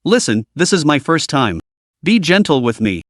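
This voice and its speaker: A woman's voice: low-pitched, very animated, moderate pace, no room sound, clean studio sound. A man voicing a brash, teasing young female soldier who bickers in cheeky, crude banter.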